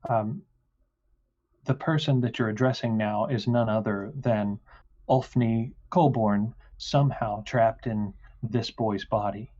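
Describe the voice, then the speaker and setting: A man voicing a second guard who explains things in a measured, matter-of-fact way. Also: on the low side, dark tone. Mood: informing. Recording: dull lo-fi sound.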